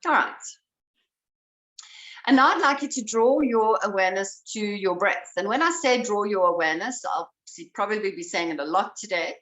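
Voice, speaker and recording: Calm woman guiding slow breathwork. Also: medium pitch. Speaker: breathwork instructor. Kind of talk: guided breathing exercise. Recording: roomy sound, voice away from the mic.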